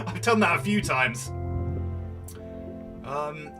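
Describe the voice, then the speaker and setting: A chatty man in his early thirties rambles through let's play commentary in a high, bouncy voice. He sounds a little distant from the mic, and background music plays under his talk. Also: animated, drawn-out words, sharp tone. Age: early 30s. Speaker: gaming host.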